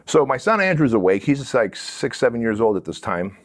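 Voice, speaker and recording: A middle-aged man hosting a podcast, telling a story in a lively, profane way and acting out the other people's voices. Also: mid-range voice, brisk. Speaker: podcast host. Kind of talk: casual storytelling. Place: podcast studio.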